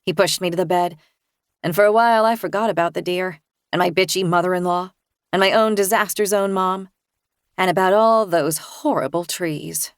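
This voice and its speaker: A woman reading a first-person thriller as an audiobook narrator, in a measured, even storytelling manner. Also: lowish voice, clear, resonant tone, dry recording, studio quality.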